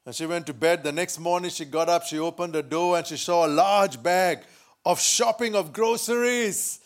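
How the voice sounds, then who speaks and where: A man preaching a sermon, telling a story with shouted quotes and frequent laughter. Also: high voice, normal speed. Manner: lively, laughs often, shouts quoted lines. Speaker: pastor.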